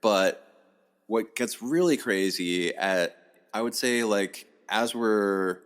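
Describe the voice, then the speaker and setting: A middle-aged man, a podcast guest, telling a long rambling story in casual talk, animated and swearing often. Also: on the low side, takes it slowly.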